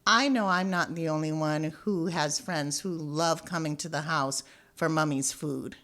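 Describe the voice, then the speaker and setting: A woman's voice: low-pitched, unhurried, fairly bright tone. A middle-aged woman from Jamaica co-hosting a podcast, reminiscing and chiming in with agreement. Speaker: podcast co-host. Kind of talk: casual podcast chat.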